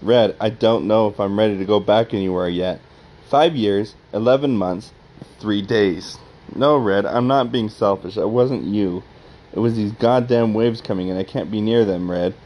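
A desperate trapped scientist coming apart, as a man reads him. His voice is low and mellow, but the speech comes in shaky, halting, pleading bursts. It is an audio reading of a horror log. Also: natural voice, poor audio.

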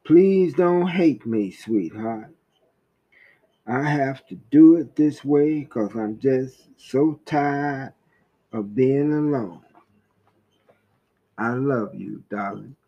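A man's voice: medium pitch, measured pace, highs cut off, natural voice. A man voicing a lonely wife who tenderly and pleadingly reads out a farewell letter.

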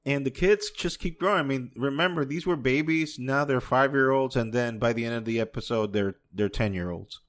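A man's voice: medium pitch, fairly quick, few pauses, a bit bright. A man from New York hosting a casual solo podcast, reviewing a show in a rambling, profane way and often chuckling to himself. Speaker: podcast host.

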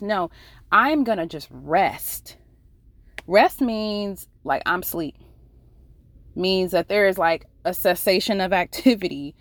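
An ICU nurse who hosts a devotional podcast gives an earnest Bible devotional in a fairly low, expressive voice at a slow pace. Her delivery is casual and conversational, with frequent sentence restarts, and the recording is dry and close with no room echo.

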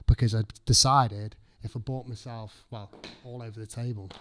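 A man talking casually as a guest chef on a podcast, voice at an ordinary middle pitch. He tells lively stories, swears freely and slips into voicing what he was thinking back then. His delivery is loose and conversational. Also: moderate pace. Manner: swears freely, lively storytelling, acts out own past thoughts.

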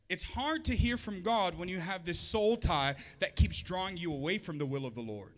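A male pastor with a high, bright voice preaches a sermon in a loose, conversational way and slips in joking asides. His words ring out with a long reverb that trails through the hall. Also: animated, normal speed, hardly any pauses.

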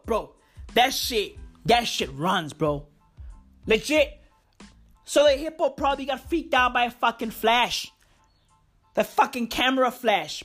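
A woman on a comic rant, slangy and profane, repeating lines for effect. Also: fairly high pitch. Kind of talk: comedic rant.

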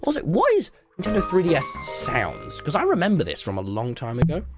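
A young man livestreaming from his room, chatting casually in an excitable, swearing, rambling way. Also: fairly high pitch, brisk, music in the background. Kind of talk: casual chat.

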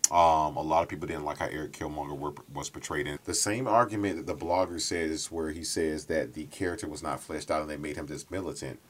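A man co-hosting a podcast, arguing passionately and profanely in casual debate. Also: a bass voice. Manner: passionate, profane, builds to loud outbursts. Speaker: podcast co-host.

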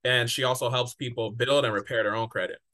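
A man's voice: medium pitch, fairly even intonation, quick pace, bright, forceful tone. A man hosting a podcast, introducing and questioning his guest in a laid-back, encouraging way, often repeating words. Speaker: podcast host. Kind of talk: casual interview.

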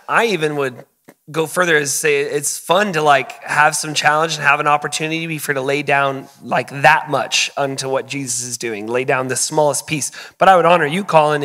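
A man talking earnestly and casually in a live-stream chat, laughing often, with quick asides. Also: fairly high pitch, bright, forceful tone, in a large hall. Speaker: guest, missions school leader. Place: indoor living room.

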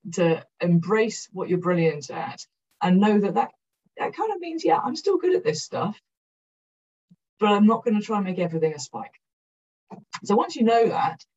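Woman, Welsh accent, middle-aged, blunt self-mocking keynote speaker, husky, muffled recording. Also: mid-range voice, normal speed, distant mic. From South Wales. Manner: frank and energetic, swears casually, self-deprecating. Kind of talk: candid conference talk. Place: conference room.

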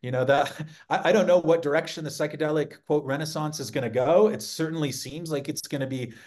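A man speaking as a guest on a podcast, in a measured and reflective way. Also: on the high side, a little mellow. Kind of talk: casual podcast conversation.

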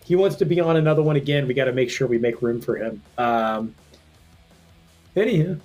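A man's voice: medium pitch, a little fast, darkish tone, soft background music. A man co-hosting a casual comedy podcast, rambling with restarts and laughing often. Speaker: podcast co-host and editor.

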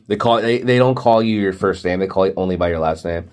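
A man's voice: fairly low pitch, fast talker, hardly any pauses. A man hosting a podcast, rambling casually and joking between thoughts. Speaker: podcast host. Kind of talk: casual monologue.

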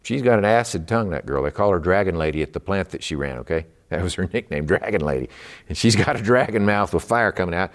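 A man from Texas gives a midweek sermon with fervent emphasis, his voice sitting on the low side. He preaches with conviction and an earnest, pressing drive. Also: expressive, quick pace. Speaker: pastor.

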